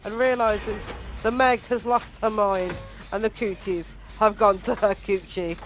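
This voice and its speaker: A woman's voice: mid-range voice, steady tone, a little slow, faint music behind. A woman hosting a gaming channel, making up a crude, rambling comic story over gameplay. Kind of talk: comedic made-up narration over gameplay.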